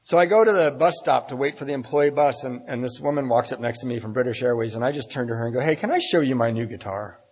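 A man's voice: medium pitch, quick pace, few pauses, a little mellow, slightly rough. A man telling a personal story live in a candid, wry, self-deprecating way. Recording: long reverb in a large hall.

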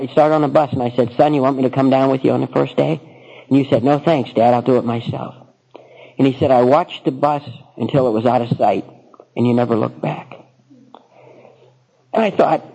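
A man's voice: mid-range voice, normal speed, creaky, pauses often, dark tone, low-quality recording. A middle-aged man telling a personal recovery story, rambling with many false starts. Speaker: speaker sharing recovery story.

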